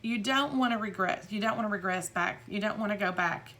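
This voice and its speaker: A woman's voice: medium pitch, a little fast, bright, forceful tone. A woman giving a casual tarot reading, rambling and repeating her words, often acting out imagined quotes. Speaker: tarot reader.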